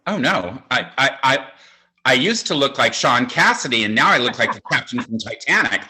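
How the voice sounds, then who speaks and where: Bright-voiced older man doing stand-up. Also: medium pitch, animated, moderate pace. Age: 60s. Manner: campy, conversational, self-mocking delivery. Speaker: stand-up comedian. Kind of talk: stand-up comedy set. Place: home, virtual show.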